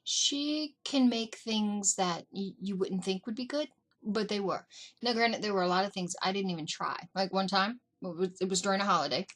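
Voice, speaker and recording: A middle-aged woman vlogger telling family stories in a casual, animated way, acting out what her relatives said. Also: mid-range voice, normal speed. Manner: animated, acts out family members in quotes. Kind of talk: casual storytelling. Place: indoors.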